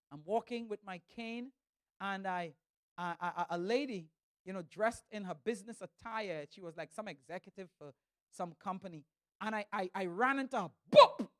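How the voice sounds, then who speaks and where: Male church speaker, comic sermon storytelling, animated, trips over restarts, dry sound. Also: sits high, no room sound. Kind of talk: humorous sermon talk.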